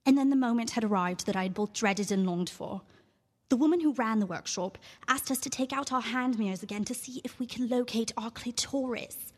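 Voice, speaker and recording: A woman performs a neurotic, anxious young woman with a British accent, pouring out a confession in a breathless stage monologue. The voice sits a little high and tips toward panic. A long reverb trails after each phrase. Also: fairly quick, lightly acted. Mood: anxious confessional. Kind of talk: theatre monologue reading.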